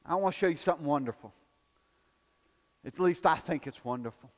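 A man preaching a folksy sermon, building to shouted emphasis and calling for amens in a church. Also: fairly high pitch, a little fast, long reverb tail. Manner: folksy, rising to shouted emphasis, calls for amen.

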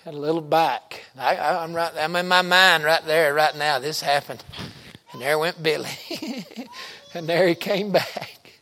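A middle-aged preacher man tells stories from the pulpit in a slightly raised voice. He talks in a folksy, down-home way and punches certain words loudly for emphasis. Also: a little high, measured pace, slight background noise. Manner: folksy, colloquial storytelling with bursts of loud emphasis. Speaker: pastor. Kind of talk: storytelling sermon.

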